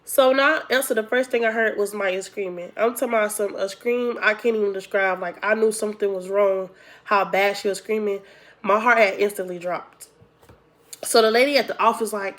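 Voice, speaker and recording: A young woman vlogger telling a casual storytime, animated and acting out the people she quotes. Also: mid-range voice, a little fast.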